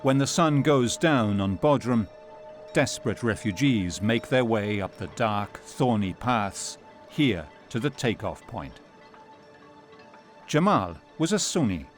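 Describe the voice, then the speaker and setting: A man narrating a documentary in a measured, sober scripted delivery. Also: medium pitch, animated, faint music behind.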